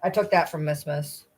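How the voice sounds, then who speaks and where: A woman's voice: fairly low pitch, slightly rough. A woman chatting casually on a livestream, rambling and cooing to her dogs between remarks, blunt and swearing now and then. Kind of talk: casual chat during a livestream.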